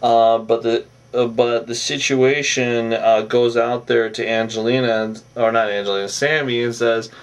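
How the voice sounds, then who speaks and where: A man's voice: mid-range voice, level tone, moderate pace, hardly any pauses, far from the mic, rough recording. A man casually recapping a reality show episode, rambling with lots of fillers and a habit of adding "on that". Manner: rambling, many fillers, repeats the phrase "on that".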